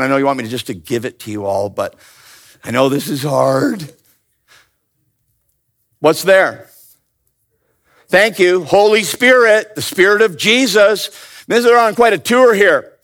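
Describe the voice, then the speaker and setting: A man teaching a Bible study in a lively, joking way, often calling on his listeners to answer. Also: high voice. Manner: animated, playful, calls out to the audience. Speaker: pastor.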